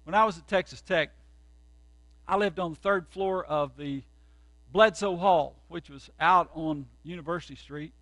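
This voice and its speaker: A man, a pastor, preaching a sermon and telling stories dramatically, jumping from loud outbursts to hushed, quiet lines. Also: on the high side, normal speed, dry recording.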